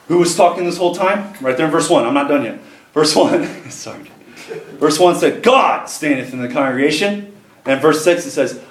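A man's voice: fairly high pitch, sing-song, normal speed, roomy sound. A man preaching a sermon, reading scripture aloud and driving his points home with rising emphasis.

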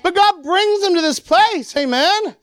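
A high-pitched preacher whose voice leaps up and down through an animated sermon. The delivery swings from loud calls to quiet asides and acts out the people in the story. The sound is close and dry, with no room echo. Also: measured pace.

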